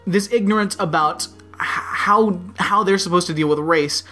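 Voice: medium pitch, moderate pace, sharp tone, soft background music. A co-host in a casual chat who talks thoughtfully, often trailing off and restarting.

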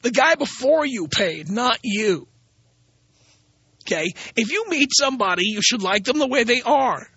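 Male radio host, sarcastic ranter, high and bright, dry close sound. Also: lively intonation, a little slow, slightly rough, dry recording, dull audio. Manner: blunt, ranting, sarcastic. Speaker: radio talk show host. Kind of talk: opinionated radio monologue.

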